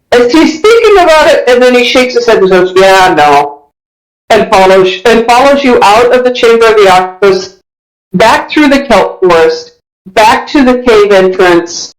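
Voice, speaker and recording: A dungeon master narrates a tabletop role-playing session at a middling pitch. The telling is descriptive and loose, full of small restarts as the scene unfolds. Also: expressive, moderate pace, rough recording.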